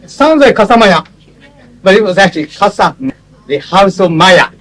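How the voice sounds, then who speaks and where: Man, 50s, classroom lecture, halting and explanatory, slightly higher voice. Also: lively intonation, fairly bright tone, rough recording. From Japan. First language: Japanese. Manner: explanatory, halting, with frequent pauses and asides. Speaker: lecturer on interpreting. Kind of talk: classroom lecture with visual aids.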